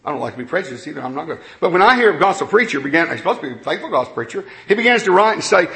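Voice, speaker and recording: A man preaching a sermon in an earnest, conversational way, moving between quiet reflection and emphatic points. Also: on the high side, big pitch swings, very fast, few pauses, roomy sound.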